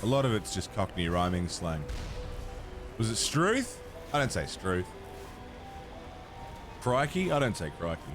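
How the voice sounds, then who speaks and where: An Australian man streams a video game and chats casually with his viewers, swearing freely and reading out chat messages. His voice is on the low side and very animated, a little slow with long pauses. Faint music plays in the background.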